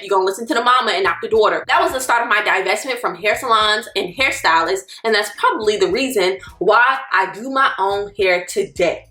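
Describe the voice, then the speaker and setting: A woman, telling a personal story as a vlogger in an animated, exasperated way. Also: a little high, reverberant. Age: 20s. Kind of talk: storytelling vlog.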